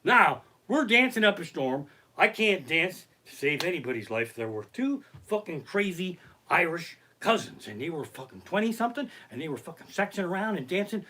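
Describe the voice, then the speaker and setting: A male comedian telling profane, animated stories on a live stream from his living room. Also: high-pitched, moderate pace, a little hiss or hum. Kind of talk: stand-up storytelling on a live stream. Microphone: basic home setup.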